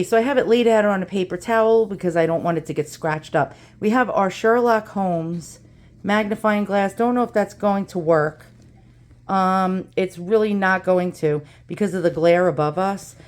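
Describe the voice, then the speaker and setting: A woman's voice: on the low side, darkish tone, a little hiss or hum. A woman with a New York accent casually demonstrating up close on camera and talking as she goes, often repeating words for emphasis. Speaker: antiques channel host. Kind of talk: casual show-and-tell demonstration.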